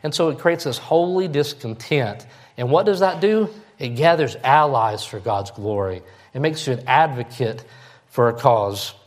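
A man delivers a sermon as pastor. His voice sits in an ordinary middle pitch, and he preaches in a folksy, conversational way, often checking in with the congregation. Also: animated, moderate pace. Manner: folksy, conversational preaching with frequent "all right?" check-ins.

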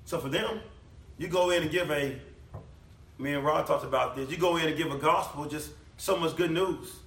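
A man preaching a sermon with a bright, forceful, fairly high voice. He is emphatic, building to loud declamation and sinking low for the scripture passages. He is heard from off the mic in an echoey church hall. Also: normal speed, vocal fry, distant mic.

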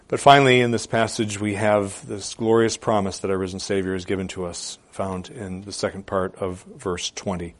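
A man preaching from the pulpit in a fairly low voice. He drives his points home by repeating phrases. He rises to loud declarations, then drops to quiet, hushed appeals. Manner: repeats phrases for emphasis with occasional filler hesitations. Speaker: pastor. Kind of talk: sermon.

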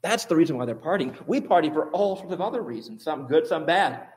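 A man preaching a sermon, lively and rhetorical, swinging between quiet asides and emphatic exclamations. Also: on the high side, fairly quick. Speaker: pastor.

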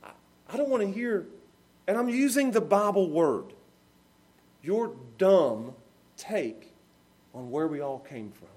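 A man's voice: high-pitched, animated, takes it slowly, long pauses, a little mellow, breathy edge. A man preaching a sermon with emphatic delivery, rising and falling in volume, sometimes laughing at his own examples. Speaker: pastor.

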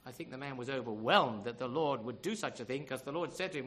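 A man's voice: medium pitch, animated, fast talker, few pauses, a bit bright, low-quality recording. A man preaching a sermon in an emphatic, storytelling way, with frequent rhetorical questions to the congregation.

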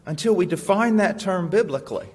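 A man preaching a sermon with passion, asking rhetorical questions and swinging from hushed tones to loud ones. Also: sits high, animated, fairly quick. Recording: long hall reverb.

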